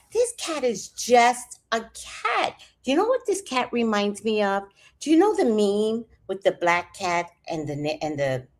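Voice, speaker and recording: A woman talks on a casual livestream, her pitch leaping high and low as she goes. She rambles through profane, joking asides and drifts off topic. Her voice sits at an ordinary middle height. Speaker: vlogger. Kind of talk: casual livestream chat reading comments.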